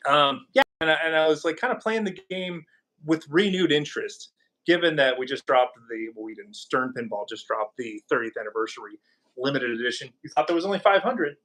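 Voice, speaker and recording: Male streamer, somewhat high voice, loose and rambling, jokes with his chat. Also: animated, fairly quick, sharp tone. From California. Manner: rambling and jokey, reacting to chat. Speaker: podcast host. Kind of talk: casual live-stream chat.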